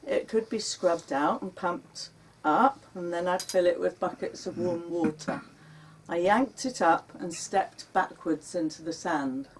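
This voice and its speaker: Brief: woman author, live bookshop reading, deliberate pace, distant mic. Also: lowish voice, slight background noise. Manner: unhurried, dramatic when quoting her panicked self. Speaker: author reading her memoir. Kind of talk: live reading of memoir prose. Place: bookshop launch event. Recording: recorded from a distance.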